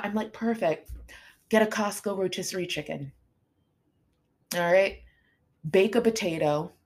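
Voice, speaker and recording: A woman fitness coach, middle-aged, with a slightly low voice. She talks in a casual, motivational way and acts out what her students said to her. The tone is animated and chatty. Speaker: fitness coach and podcast host.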